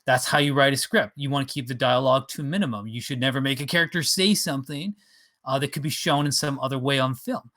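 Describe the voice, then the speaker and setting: A man's voice: mid-range voice, fast talker, a bit bright. A man co-hosting a podcast in casual chat, talking eagerly with lots of "like" and "you know". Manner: filler-heavy, enthusiastic. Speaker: podcast co-host.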